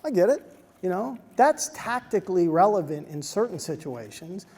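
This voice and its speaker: A man giving a motivational talk to soldiers, telling stories in an animated way and dropping to a soft hush at emotional moments. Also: high-pitched, normal speed, slightly rough. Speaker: speaker addressing soldiers. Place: large hall on a military base. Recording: long reverb of a large hall.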